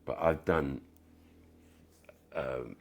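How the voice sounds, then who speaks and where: Guy in his 60s telling stories, super low gravelly voice, husky, acts out all the bits. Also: extremely slow. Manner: animated storyteller acting out dialogue, swearing, dropping to whispers. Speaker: podcast guest. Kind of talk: casual storytelling chat.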